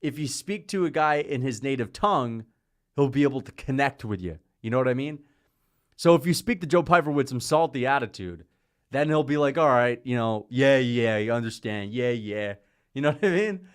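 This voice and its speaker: A man hosting a casual livestream, chatting and calling fights, rambling from topic to topic, laughing often and getting excited at big moments. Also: mid-range voice, a little fast. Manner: rambling, jumps between topics; laughs often mid-sentence. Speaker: livestream host.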